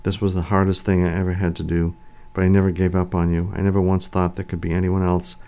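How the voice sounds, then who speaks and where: A man voicing an undead male vampire lover who speaks in a calm, low, intimate way. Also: quick pace, smooth. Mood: tender.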